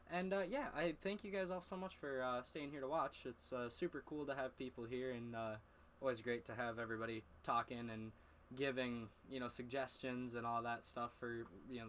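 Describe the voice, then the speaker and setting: A man's voice: fairly high pitch, a little hiss or hum. A man hosting a home music livestream, talking in a loose, rambling way with lots of fillers. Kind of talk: casual livestream chat. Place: home room.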